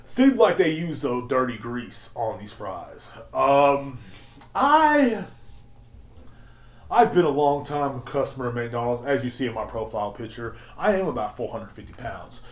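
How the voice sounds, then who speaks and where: A man playing a pompous man who writes a fussy fast-food review, with mock-formal complaints. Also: mid-range voice, very animated, echoey room. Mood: mock-prim.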